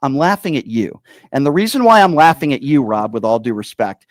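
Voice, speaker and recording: A man's voice: mid-range voice, big pitch swings, a little fast, dry recording. A man calling in to debate the host, combative and interrupting, who keeps hammering his points by saying the host's name again and again. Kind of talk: heated call-in debate.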